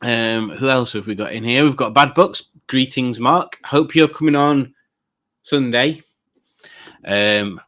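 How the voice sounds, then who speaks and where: A man's voice: mid-range voice, a little slow, fairly bright tone. A man hosting a casual livestream, rambling and hesitant with many fillers and goofy jokes while greeting the chat. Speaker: livestream host.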